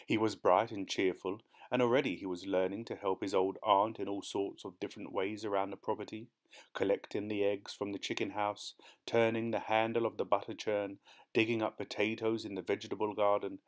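A man narrating an audiobook in a measured storytelling manner. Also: fairly low pitch.

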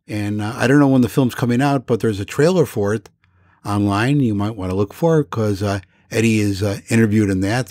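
A man's voice: on the low side, darkish tone, no echo, clean studio sound. A man hosting a podcast, speaking in a friendly, plainspoken way in casual chat. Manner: friendly, plainspoken, a few fillers. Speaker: podcast host.

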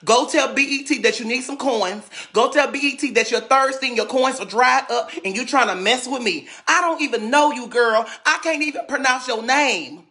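A man's voice: extremely high pitch, normal speed, few pauses, pushed and bright. A man from St. Louis ranting dramatically on a livestream, sassy and repetitive, often stumbling over his words. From St. Louis, USA. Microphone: phone.

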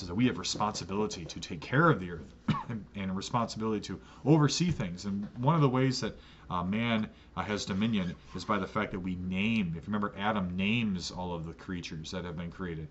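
A man's voice: on the low side, muffled recording, a little hiss or hum. A man teaching a church catechism lesson as pastor, earnest, often repeating words as he restarts a sentence.

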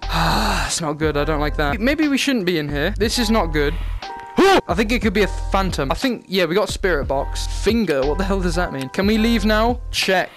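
A man's voice: sits high, lively intonation, moderate pace, fairly bright tone, faint music behind. A young man giving nervous, jumpy commentary while playing a horror game on a headset mic. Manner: jumpy, nervous, laughs and yelps. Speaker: gaming YouTuber. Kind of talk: let's-play commentary.

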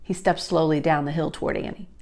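A woman reading a children's chapter book aloud, slow and expressive. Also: deep voice, creaky. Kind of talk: storybook read-aloud.

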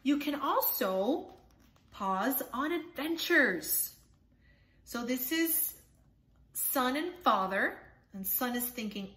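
A woman's voice: on the high side, animated, slow pace, fairly bright tone. A woman presenting a children's book, explaining each picture and checking in with a frequent "right?". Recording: echoey room.

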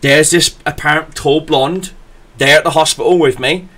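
Young man, podcast host, crisp bright tone, profane, animated storytelling. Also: a little high, moderate pace. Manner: animated, profane, acts out quoted people. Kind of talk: casual chat, storytelling.

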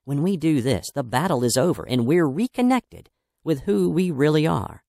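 A man's voice: on the high side, animated, moderate pace, creaky, warm tone, no echo. A man narrating a self-help audiobook in an upbeat, emphatic and encouraging manner.

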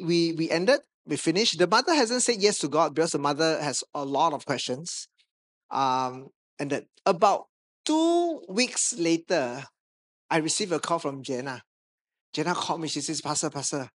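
A man with a Malaysian English accent, preaching a sermon as a pastor, telling a lively anecdote with touches of humor. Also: fairly high pitch, normal speed. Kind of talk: sermon storytelling. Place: church stage.

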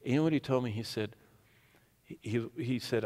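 A male pastor preaching an evening sermon. He gets animated and rises to near-shouts for emphasis, and he acts out the quotes he tells. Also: medium pitch, moderate pace, pauses often. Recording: long hall reverb.

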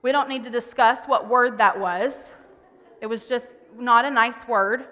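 Woman preaching at church, chatty storyteller, bright voice, kinda echoey. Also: fairly high pitch, unhurried. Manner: storytelling, conversational, animated. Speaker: speaker. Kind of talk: sermon. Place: church auditorium. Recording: church hall reverb.

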